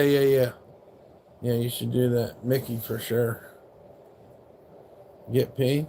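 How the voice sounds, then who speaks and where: A man's voice: mid-range voice, a little mellow, slight background noise. A man casually chatting on his live stream at home, swearing freely and teasing his dog about its food. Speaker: livestream host.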